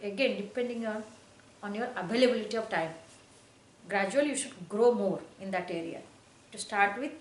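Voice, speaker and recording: A woman giving spiritual instruction on meditation, speaking in slow, repetitive phrases with hesitations and soft, falling affirmations. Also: mid-range voice, echoey room, slight background noise, poor audio. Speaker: spiritual teacher. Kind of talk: guided meditation teaching.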